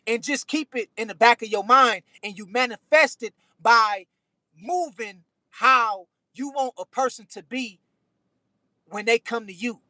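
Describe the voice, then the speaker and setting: High, bright-voiced man giving slangy advice. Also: measured pace, no room sound. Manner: slangy, preachy life advice, repeats phrases. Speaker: livestream host reading chat. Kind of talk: casual chat.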